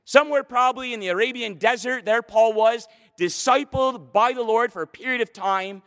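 A man's voice: extremely high pitch, normal speed, fairly bright tone. A man preaching a sermon from a church stage, speaking with passionate emphasis. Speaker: pastor. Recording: long hall reverb.

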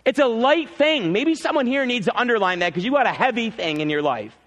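A male pastor with a very high, expressive voice preaches a sermon at a slightly fast pace, his words ringing through a big room. He's emphatic, repeating key phrases and swinging from loud peaks to quiet drops.

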